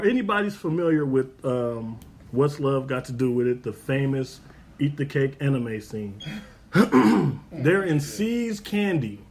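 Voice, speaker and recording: A man, hosting a podcast, who tells a story in casual, profane slang with many "right?" asides. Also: mid-range voice. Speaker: podcast host telling a story.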